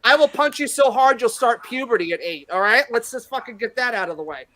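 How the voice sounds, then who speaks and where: Woman stand-up in her 50s, bright forceful voice, brash and foul-mouthed, acts out her stories. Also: fairly high pitch, expressive, fairly quick. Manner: brash, profane, acts out quotes loudly. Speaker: stand-up comedian, guest. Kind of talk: casual interview storytelling.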